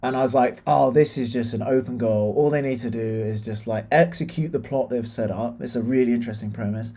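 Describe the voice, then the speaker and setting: A man's voice: mid-range voice, a little fast, dark tone. A young British man from the UK ranting casually about bad films as a reviewer, exasperated and full of fillers and restarts. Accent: British English. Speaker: film reviewer. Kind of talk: casual opinionated film review.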